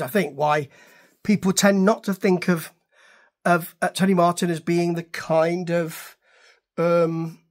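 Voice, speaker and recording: A man's voice: high voice, husky. A man reviewing music to camera in a chatty, digressive way, correcting himself as he goes. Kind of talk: casual rambling review to camera.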